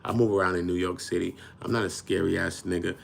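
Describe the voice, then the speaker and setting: Gravelly guy on a livestream, low voice, brags a lot, blunt street slang. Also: level tone, brisk, a little hiss or hum. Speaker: livestream host. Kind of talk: casual livestream chat.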